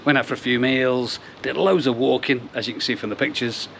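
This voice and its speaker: A man's voice: medium pitch, fairly even intonation, a little fast, vocal fry, few pauses, fairly bright tone, slight background noise. A middle-aged man hosting a casual pond vlog outdoors, rambling and digressing with self-deprecating jokes. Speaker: koi pond channel host.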